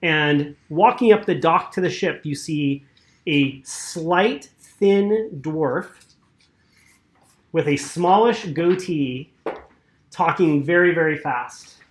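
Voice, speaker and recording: A man's voice: on the high side, slow. A man narrating as game master for a tabletop game, hesitant with many fillers. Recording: roomy echo.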